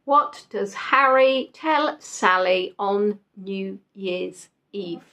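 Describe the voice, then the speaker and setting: Reading the players' answers aloud, a young woman keeps her casual live quiz chatty and full of jokes. Her medium-pitched voice sounds pushed and bright, and she speaks very slowly.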